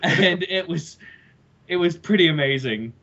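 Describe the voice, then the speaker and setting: A man co-hosting a podcast, telling a story in casual chat, excitable and swearing often. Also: fairly high pitch, a little slow, crowd noise. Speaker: podcast co-host. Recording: dull lo-fi podcast audio.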